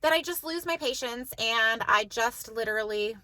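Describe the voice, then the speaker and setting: A woman's voice: fairly high pitch, normal speed, sharp tone, rough recording. A woman, telling a story to the camera in a chatty way, with lots of "like". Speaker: mom vlogger. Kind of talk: casual chat to camera.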